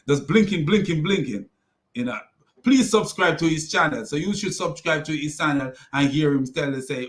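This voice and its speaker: A man's voice: a little high, normal speed. A man hosting a ranting video commentary, mocking and repeating himself, often breaking into laughter. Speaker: commentary channel host.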